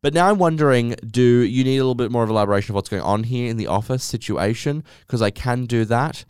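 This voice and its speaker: A man's voice: medium pitch, fast, a little mellow, smooth, no room sound, studio quality. A man hosting a casual solo podcast, telling rambling stories in a sassy, swearing way. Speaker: podcast host.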